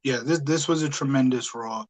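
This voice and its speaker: A man's voice: medium pitch, normal speed, low-quality recording. A man co-hosting a casual podcast, enthusiastic and rambling, with frequent hesitations. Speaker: podcast co-host.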